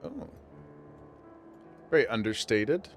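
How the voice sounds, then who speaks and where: Chatty male streamer, mid-pitched voice, laughs often, faint game music under him. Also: big pitch swings, takes it slowly. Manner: chatty, laughing, talks to chat. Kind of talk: casual livestream chat.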